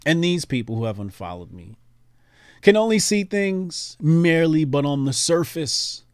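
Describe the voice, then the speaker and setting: A man putting on a bootleg old-time British accent as a grandiose colonial-era gentleman. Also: on the high side, expressive, normal speed, dry recording, clean studio sound, pitched above the performer's own voice, lightly acted. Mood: mock-lofty. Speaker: host.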